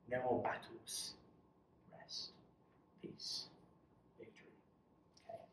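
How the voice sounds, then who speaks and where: A man leading a youth Bible study, teaching in an earnest, conversational way and putting questions to the group. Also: on the high side. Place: church room. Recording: echoey room from far off.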